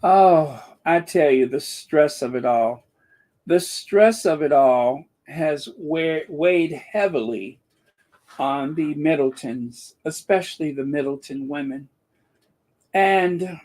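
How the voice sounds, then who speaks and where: Slow, sarcastic rambling man. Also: a little high, a little mellow. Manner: sarcastic, rambling with frequent fillers and restarts. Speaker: commentary channel host. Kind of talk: casual commentary monologue.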